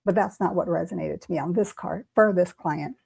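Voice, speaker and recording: A woman tarot reader recounts a personal experience in a relaxed, chatty way. Her voice sits low and sounds dark and mellow. She rambles, restarts her phrases and gets emotional as she goes. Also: a little fast, creaky, breathy edge. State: tearful at the start. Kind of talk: casual storytelling on a talk stream.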